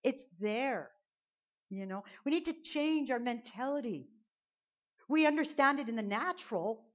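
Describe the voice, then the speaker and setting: A woman with a fairly high voice preaches in an earnest, chatty way, restarting phrases as she drives her point home. The recording is dull and lo-fi, as if taped at a church service. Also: animated, unhurried. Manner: earnest, conversational, repeats words while building a point. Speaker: pastor. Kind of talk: sermon. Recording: dull lo-fi sound.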